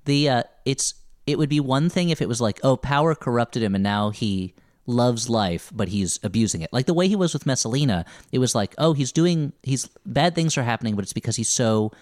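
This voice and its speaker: Male co-host, middle voice with lots of pitch movement, talks things through as he goes, dry close mic. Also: lively intonation, a little fast, a little mellow, no room sound. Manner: thinks aloud, trails off and restarts. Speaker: podcast co-host. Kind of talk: casual recap chat.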